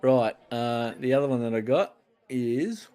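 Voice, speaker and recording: An easygoing man co-hosting a casual pub chat about home brewing, joining over a video call. He talks in a relaxed way and laughs readily, with faint crowd murmur behind. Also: medium pitch, measured pace, smooth. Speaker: podcast co-host.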